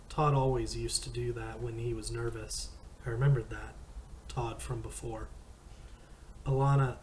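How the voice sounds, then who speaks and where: Male narrator for a read-aloud novel; unhurried, even, faint noise behind. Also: mid-range voice, low-quality recording. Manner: slow, measured first-person reading. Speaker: audiobook reader.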